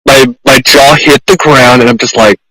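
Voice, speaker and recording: A man hosting a podcast, speaking effusively and haltingly with many repeated words. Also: mid-range voice, fairly even intonation, pushed and bright, dry recording, poor audio. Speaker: podcast host, pet groomer. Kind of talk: conversational interview.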